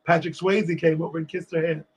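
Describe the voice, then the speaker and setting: A man from Washington, D.C., a guest on a talk show, telling lively stories and acting out what people said. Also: on the high side, fairly quick, slight background noise, rough recording. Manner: animated storyteller acting out quotes. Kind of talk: storytelling in a casual interview.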